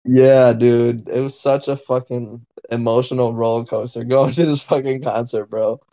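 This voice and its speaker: A man's voice: medium pitch, normal speed, muffled recording. A man on a podcast telling a wild story in casual chat, swearing a lot and piling on fillers. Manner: profane, excitable storyteller, lots of fillers. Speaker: podcast co-host.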